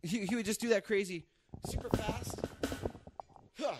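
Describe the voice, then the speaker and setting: A man's voice: high-pitched, normal speed, background noise. A young man hosting a casual chat, telling a story with lots of swearing and acted-out quotes. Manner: animated, profane, acts out quotes. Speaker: podcast host.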